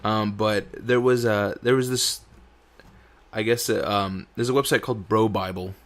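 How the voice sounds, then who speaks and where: A man with a somewhat low voice hosts a loose, profane podcast. He reads news aloud and wanders into rambling asides. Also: fairly even intonation, normal speed. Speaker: podcast host. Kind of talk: casual podcast chat.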